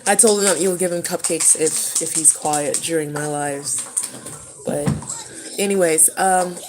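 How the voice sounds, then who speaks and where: A woman hosting a casual livestream Q&A, talking haltingly with many fillers and restarts. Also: low-pitched, steady tone, noisy background. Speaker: host of a livestream Q&A. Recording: loud clatter of dishes and cutlery.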